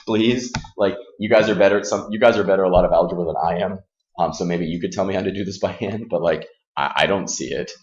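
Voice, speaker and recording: Deep-voiced man teaching a math class. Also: dull audio. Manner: quizzing students with quick questions; casual, self-deprecating.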